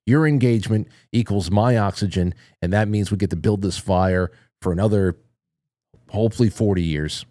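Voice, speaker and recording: A man's voice: on the low side, normal speed, warm tone, no echo, clean studio sound. A man in his forties hosting a live call-in show, rambling casually and cracking crude, self-mocking jokes as he reads the chat. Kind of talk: casual live-stream monologue.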